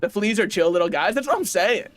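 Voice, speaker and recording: Lively 20s guy streaming a game, swears a lot, laughs, goes off on tangents, high voice that jumps all over. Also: quick pace. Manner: animated, laughing, swearing, rambling asides. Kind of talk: casual gaming livestream chat.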